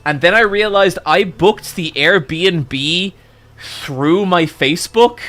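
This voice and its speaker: Young male streamer spinning an animated, profane anecdote, slightly high voice, lots of restarts. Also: slow, faint music behind. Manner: animated, swearing, with frequent restarts and "I'm like" quotes. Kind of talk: casual storytelling to a stream chat.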